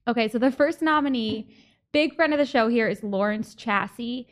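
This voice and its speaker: A woman's voice: on the high side, normal speed. A woman co-hosting a podcast in casual chat, playful and sarcastic. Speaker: podcast co-host.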